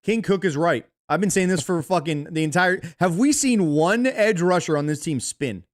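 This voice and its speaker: A man co-hosts a casual football podcast, his voice sitting a touch high. He rants in heated, profane bursts, recorded dry and close with no room around him. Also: expressive, normal speed, no echo. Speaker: podcast co-host. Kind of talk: casual sports chat, reading super chats.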